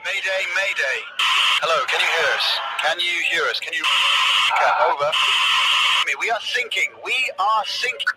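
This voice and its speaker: A man's voice: high-pitched, normal speed, close to an everyday voice. A man playing a panicked sailor on a sinking boat, making urgent distress calls. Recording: noisy played-back commercial audio.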